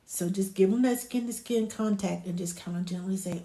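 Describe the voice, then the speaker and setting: Lady who looks after babies giving tips, warm low-key voice, goes all soft and hushed when she talks to them, roomy echo. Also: a little fast, few pauses, slight background noise. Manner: drops to a hushed soothing voice for baby talk. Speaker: childcare provider. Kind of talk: casual advice talk. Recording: echoey room.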